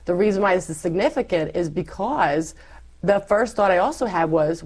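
A middle-aged woman telling her faith story in a candid, animated conversation, acting out her past self as she goes. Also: on the low side, normal speed.

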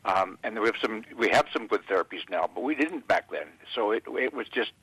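Man, from Canada, interview guest, husky voice, dry sound, halting speech with restarts. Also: lowish voice, expressive, fairly bright tone, dry recording, poor audio. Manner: halting, many fillers and restarts.

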